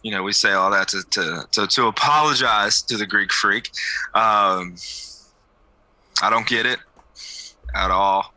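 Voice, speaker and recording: A young man co-hosting a podcast, a basketball coach telling animated stories in a casual sports chat, with big jumps in pitch at the punchlines. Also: a little slow, pauses often, no echo, rough recording.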